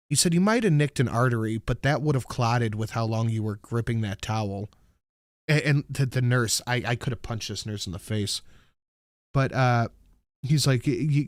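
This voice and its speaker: Middle-aged male host, mid pitch, dry close sound. He swears and sounds exasperated while acting out the back-and-forth. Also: a little fast, no echo. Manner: profane, exasperated, acts out both sides of a dialogue. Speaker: show host. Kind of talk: casual storytelling monologue.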